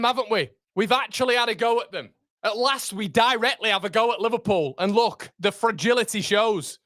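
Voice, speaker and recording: A young man reacting live to a football match for his fan channel, swinging from groans to excited shouts. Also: high-pitched, a little fast, no echo, clean studio sound.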